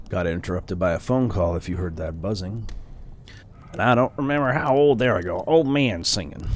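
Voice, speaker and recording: A man playing a story game, reading its text aloud with quiet, unhurried asides. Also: lively intonation. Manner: low-key, unhurried, muttering asides. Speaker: let's play gamer.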